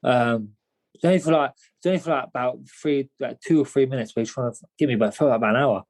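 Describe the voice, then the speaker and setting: A young man telling his story as a podcast guest, mid-pitched and plain, tripping over his words and restarting often. He talks in a loose, rambling way, tossing in "mate" and "do you know what I mean" as he goes. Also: fast, a little mellow, low-quality recording. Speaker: guest, boxer. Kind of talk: casual storytelling.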